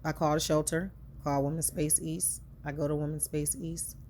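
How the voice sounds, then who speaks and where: A woman with a somewhat low voice recounts a hard chapter of her life. She talks conversationally and earnestly, circling back and repeating herself, her feelings close to the surface. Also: flat delivery, moderate pace, darkish tone, a little hiss or hum. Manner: earnest, emotional, conversational with repetitions. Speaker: storyteller. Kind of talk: personal storytelling.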